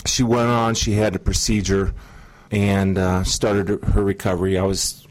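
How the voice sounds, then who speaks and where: A middle-aged man earnestly recounting a personal testimony in an interview, measured and pausing often. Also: deep voice, flat delivery. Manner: earnest, measured storytelling with frequent pauses. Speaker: guest sharing testimony.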